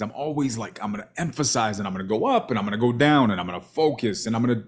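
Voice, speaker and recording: Brief: male sales coach, animated and emphatic, reviewing a call. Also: medium pitch. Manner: emphatic, animated, asks "right?" constantly.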